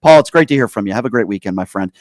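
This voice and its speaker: A man's voice: lowish voice, expressive, rapid-fire, no room sound, clean studio sound. A man hosting a call-in talk radio show, speaking emphatically and indignantly to callers.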